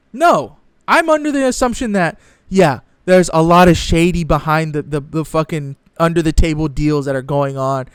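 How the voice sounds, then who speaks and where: La guy going off on sports stuff, swears a lot, kinda high voice, super dry mic. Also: smooth, no room sound. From Los Angeles area. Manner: profane, heated and sarcastic, with frequent restarts. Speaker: sports commentary vlogger. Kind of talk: ranting opinion commentary.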